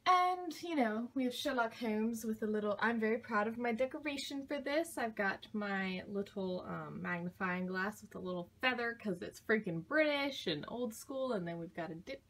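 A woman's voice: a little high, fairly bright tone. A young woman vlogging casually, chatty and enthusiastic as she talks through her bookshelves, often trailing off and restarting.

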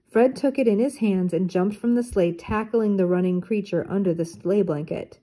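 Mellow older woman reading a storybook. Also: medium pitch, normal speed. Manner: clear, even read-aloud narration. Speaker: storybook reader. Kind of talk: reading a children's book aloud.

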